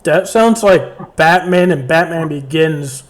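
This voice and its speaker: A man's voice: fairly high pitch, slow. A man playing in a tabletop game, chatting in an easygoing way. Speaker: player. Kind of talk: casual chat among players.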